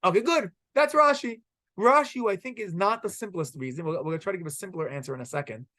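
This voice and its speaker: A male teacher leads a Torah lesson in a classroom, throwing questions at his students. His voice sits high for a man and comes across close and dry. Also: fast talker, no echo. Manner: animated, asks the class rhetorical questions.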